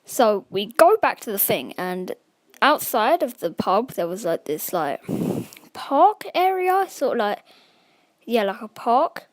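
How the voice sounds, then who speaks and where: A woman's voice: a little high, sing-song, slow, no room sound. A woman telling a casual storytime vlog, rambling and full of "like" and "um" fillers. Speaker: vlogger.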